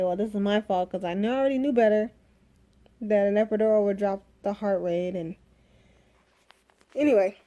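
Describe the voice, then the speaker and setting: A woman's voice: mid-range voice, a little mellow. A woman in her thirties telling her own birth story in a candid, emotional vlog, rambling with restarts. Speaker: vlogger.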